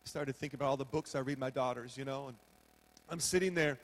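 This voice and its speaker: A man's voice: mid-range voice, quick pace, in a large hall. A man preaching a sermon as pastor from a podium, telling stories with humor and acting out his own reactions. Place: large hall with a podium.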